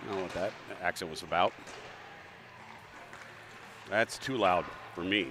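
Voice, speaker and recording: A man's voice: low-pitched, unhurried, long pauses, pushed and bright. A man announcing a local hockey broadcast from a mobile booth at the rink, rambling and joking about himself. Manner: rambling, joking, self-deprecating. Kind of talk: live local sports broadcast.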